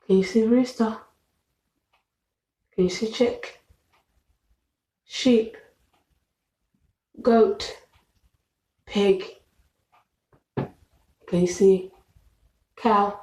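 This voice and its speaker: A woman's voice: mid-range voice, drawn-out words, long pauses, warm tone. A woman reading a children's picture book aloud, patiently naming animals, asking questions and counting with the child. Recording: echoey room.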